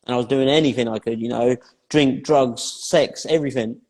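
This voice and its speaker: A man, a life coach being interviewed, recounts his story in a blunt, plain-spoken way, swearing freely and hammering points home through repetition. His voice sits at an ordinary male pitch, and a long reverb tail hangs after each phrase as if he is in a large, hard room. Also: steady tone, normal speed, a little mellow.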